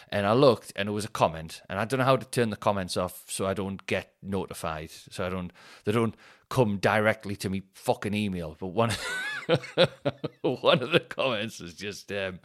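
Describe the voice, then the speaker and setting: A man's voice: deep voice, normal speed, a bit bright. A man hosting a podcast, rambling and swearing, often laughing at his own stories. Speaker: podcast host and comedian. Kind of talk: casual solo podcast chat.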